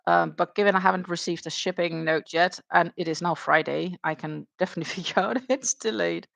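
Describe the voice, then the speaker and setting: A woman's voice: fairly low pitch, fairly even intonation, fairly quick, vocal fry, few pauses, fairly bright tone, no echo. A woman hosting a casual crochet stream, chatting and thinking aloud with dry sarcasm and a Danish accent. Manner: chatty, dryly sarcastic, thinks aloud while counting stitches. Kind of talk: casual chat while crocheting.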